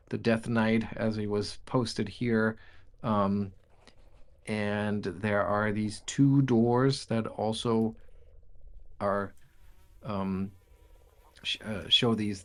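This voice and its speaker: A man narrating as game master of a tabletop game, describing rooms in a relaxed way with frequent fillers. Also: lowish voice.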